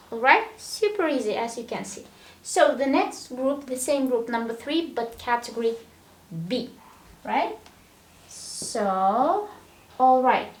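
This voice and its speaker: A woman teaching English verbs, saying each form slowly and clearly and often checking in with the learner. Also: a little high, a little mellow, echoey room. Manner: drills verb forms one word at a time, checks in with "all right?". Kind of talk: slow, deliberate language lesson.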